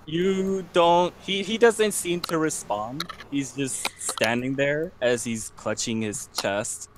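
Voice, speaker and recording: A man narrating as game master of a tabletop game, slow and hesitant with many pauses. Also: on the high side, noisy background.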